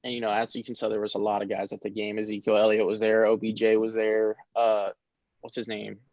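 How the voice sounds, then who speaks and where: Gravelly young man, relaxed interview talk. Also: lowish voice, fairly quick, dry recording. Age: young adult. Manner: relaxed, rambling with many fillers. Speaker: college football player. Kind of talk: casual interview. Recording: dull lo-fi sound.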